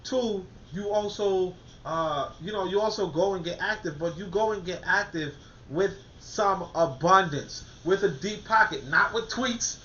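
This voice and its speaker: A man's voice: high-pitched, unhurried, sharp tone, slight background noise. A man hosting a podcast in casual motivational talk, emphatic and repetitive, full of fillers and restarts. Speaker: podcast host. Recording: dull lo-fi recording.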